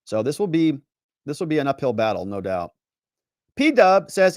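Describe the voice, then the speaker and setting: A lawyer hosting a livestream, talking in a sarcastic, animated way as he reads out chat messages and reacts. His pitch moves a lot, rising and falling freely. The sound is dry and close, with no room echo. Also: normal speed. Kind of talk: livestream commentary reading chat.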